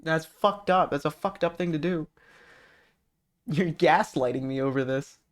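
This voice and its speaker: A man's voice: a little high, unhurried. A man streaming, chatting casually with viewers, rambling, swearing and restarting his sentences. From California. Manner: animated, profane, rambling with many restarts. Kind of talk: casual stream chat reading viewer messages.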